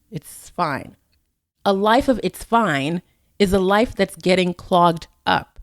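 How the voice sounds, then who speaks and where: A woman's voice: medium pitch, no room sound, studio quality. A woman in her forties hosting a solo motivational podcast, talking straight to the listener in an earnest, encouraging way. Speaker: podcast host.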